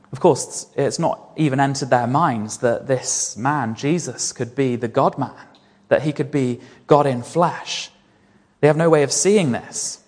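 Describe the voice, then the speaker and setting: A man preaching a sermon in an earnest way, repeating key phrases for emphasis. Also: medium pitch. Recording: long reverb of a large hall.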